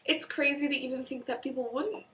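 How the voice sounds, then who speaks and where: A woman's voice: sits high, fairly even intonation, fairly quick, a bit bright, recorded from a distance. Chatty young Welsh woman vlogging. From Wales. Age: young adult. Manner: chatty, talks in quoted asides, many restarts. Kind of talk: casual vlog monologue.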